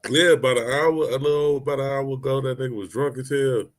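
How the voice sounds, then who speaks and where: A man co-hosting a show, telling animated stories in casual chat, often mimicking others and laughing. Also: medium pitch, a little fast. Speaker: podcast co-host.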